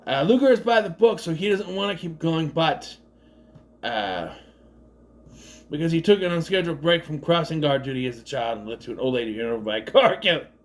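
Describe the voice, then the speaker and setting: A man's voice: a little high, lively intonation, brisk. A man giving a casual, rambling movie recap, laughing at the gags and acting out quoted lines. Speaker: movie reviewer.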